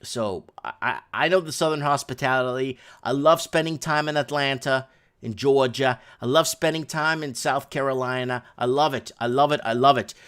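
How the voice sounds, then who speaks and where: A man's voice: medium pitch, moderate pace, a bit bright, clean tone. A man hosts a housing market talk show. He reads news items aloud, adds rambling commentary, and works out sums as he goes.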